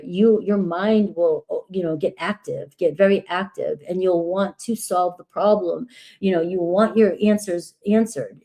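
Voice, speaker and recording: A woman giving a live tarot reading in a husky morning voice, chatty and reassuring, often checking in with "right?". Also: on the low side, warm tone. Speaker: tarot reader.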